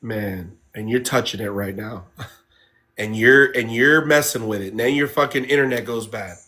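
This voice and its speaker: A man's voice: lowish voice, moderate pace, bright, forceful tone. A man co-hosting a casual podcast, blunt and teasing, throwing in slang and saying "bro" a lot. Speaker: podcast co-host. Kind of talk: casual chat.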